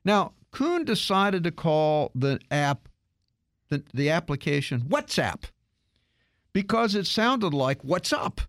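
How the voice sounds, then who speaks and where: A man hosting a radio tech show, telling a story in a lively, casual way with many restarts. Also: fairly high pitch, slow, no room sound, clean studio sound. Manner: animated storytelling with frequent restarts.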